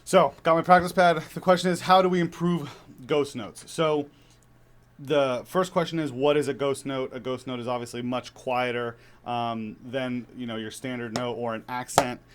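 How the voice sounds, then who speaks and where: A man who is a father of young children, teaching drums in a relaxed, chatty way with many fillers and restarts. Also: medium pitch, normal speed, a little hiss or hum. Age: young adult to middle-aged, father of young kids. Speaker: drum teacher. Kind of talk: casual spoken drum lesson.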